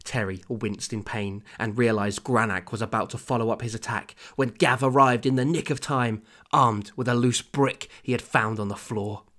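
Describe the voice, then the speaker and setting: A man's voice: mid-range voice, steady tone, normal speed, hardly any pauses, a bit bright. A man hosting a podcast, reading his old story aloud and breaking off to comment, laughing often. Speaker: podcast host.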